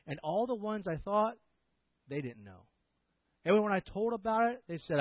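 A man's voice: high-pitched, very animated, normal speed, long pauses, dry recording. A pastor telling a personal story in a sermon, then urging his listeners to receive the gift he preaches about. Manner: storytelling, then earnest gospel appeal. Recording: tinny phone-like sound.

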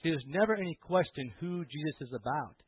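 A man preaching a sermon as pastor, swinging from loud impassioned preaching to quiet storytelling. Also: on the high side, lively intonation, a little fast, husky, no echo. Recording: tinny phone-like sound, dry.

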